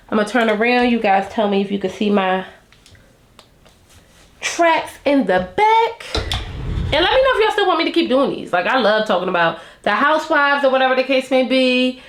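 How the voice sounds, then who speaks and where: A woman's voice: on the high side, expressive, moderate pace. Chatty woman vlogger in a roomy room. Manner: chatty and candid, slangy, laughs often. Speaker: vlogger reviewing a reality show. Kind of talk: casual chat to camera. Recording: roomy echo.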